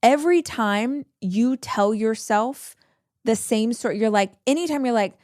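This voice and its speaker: A woman's voice: on the high side, unhurried, a little mellow, dry recording, clean studio sound. A woman hosting a podcast and giving advice in an earnest, emphatic way. She often repeats her key phrases. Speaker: podcast host. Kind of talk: advice monologue.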